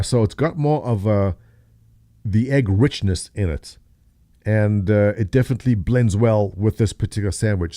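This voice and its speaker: A man's voice: on the low side, mellow, no echo, studio quality. A man in his thirties, host of a livestream, chatting casually and jokingly, answering viewers by name. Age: 30s. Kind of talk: casual chat with live chat readers.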